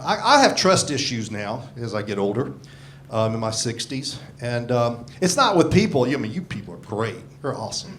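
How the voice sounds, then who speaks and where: A man's voice: mid-range voice, a bit bright, slight background noise. A man in his sixties doing a grumpy, profane stand-up set on a club stage into a handheld mic. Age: 60s. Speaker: stand-up comedian. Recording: live club with crowd laughter. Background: audience laughter.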